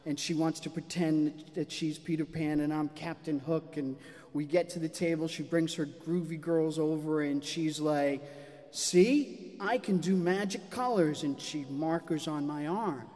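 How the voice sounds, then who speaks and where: High-voiced man telling a story. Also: moderate pace. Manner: animated, self-mocking. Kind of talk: live storytelling. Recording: long hall reverb.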